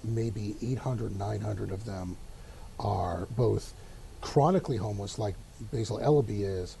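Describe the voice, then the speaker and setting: A man's voice: fairly low pitch, measured pace, vocal fry, mellow, a little hiss or hum. A man, giving wry, opinionated commentary in a casual talk show discussion. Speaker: local politics commentator.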